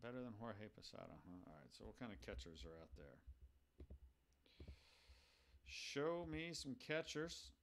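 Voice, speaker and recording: A man chats casually while playing a baseball video game live, thinking out loud as he goes. He keeps turning to his viewers to ask for their advice, in an easy, conversational way. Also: fairly low pitch, big pitch swings, a little fast, slight background noise. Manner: thinks aloud, chatty, asks the viewers for advice.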